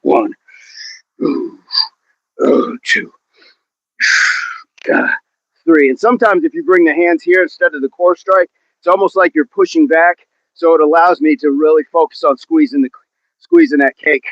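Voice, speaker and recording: A man's voice: a little high, a little fast, highs cut off. A man hosting a fitness livestream outdoors, chatting with viewers and counting his reps, slightly out of breath. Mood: straining. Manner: grunting rep counts between casual chat with viewers. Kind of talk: live workout chat with counting.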